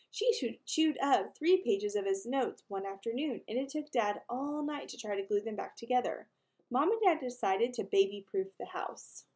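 Children's story reader, woman, lively and fairly high-voiced. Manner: animated, slows for emphasis, asks listeners questions. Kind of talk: reading a children's chapter book aloud.

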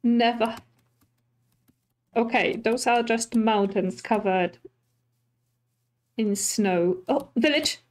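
Slow-talking woman narrating her gameplay. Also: fairly high pitch, darkish tone. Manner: chatty, easily startled, talks to animals and villagers. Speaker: streamer. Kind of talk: casual gameplay commentary.

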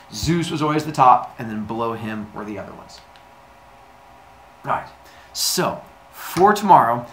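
A man's voice: medium pitch, fairly bright tone. A male teacher giving a recorded lesson, chatty and casual, saying "like" a lot and acting out little scenes. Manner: chatty, says "like" often, acts out little scenes. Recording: echoey room, faint noise.

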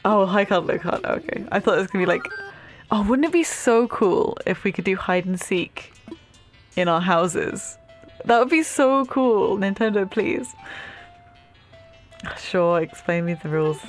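A young woman hosting a gaming channel, giving casual, giggly and excitable commentary while she plays, laughing often. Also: fairly low pitch, a little slow, faint music behind.

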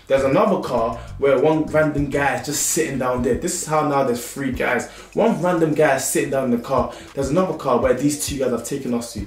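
A young man with a London accent telling a storytime vlog in a lively, slangy way. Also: mid-range voice, brisk, hardly any pauses. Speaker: vlogger. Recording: roomy indoor sound.

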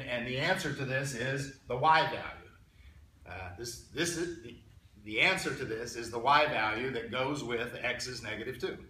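A man teaching a college algebra class, pausing, restarting and often clearing his throat as he asks the students questions. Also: mid-range voice, sharp tone, slight background noise. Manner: halting, repeats words, clears throat often. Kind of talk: classroom lecture. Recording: echoey classroom from far off.

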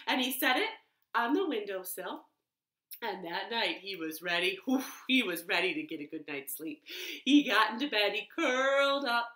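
A woman librarian telling a children's story at home in an expressive, animated way. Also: medium pitch, normal speed. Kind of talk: storytime read-aloud. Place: living room. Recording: roomy living room echo.

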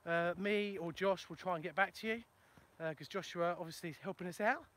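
Tradesman host, raised pitch, self-mocking, casual live-stream chat in the open countryside. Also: fairly quick, fairly bright tone. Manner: chatty, self-mocking, answers viewer questions. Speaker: plumber and video host. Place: outdoors in a ploughed field in the countryside. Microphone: phone for a live video.

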